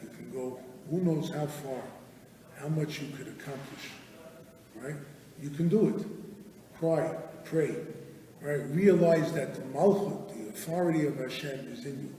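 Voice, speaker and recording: A man's voice: fairly high pitch, measured pace, mellow. An older man giving a live Torah class as guest rabbi, telling stories with animation and acting out family dialogue, recorded in a large hall. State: hard of hearing. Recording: echoey hall from far off.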